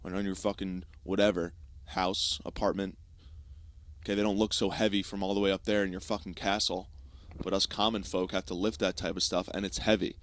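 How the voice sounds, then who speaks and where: A man's voice: low-pitched, level tone, a little fast. A young man from the United States hosting a podcast, telling a rambling, profane, self-mocking story in a casual comedic monologue. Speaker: podcast host.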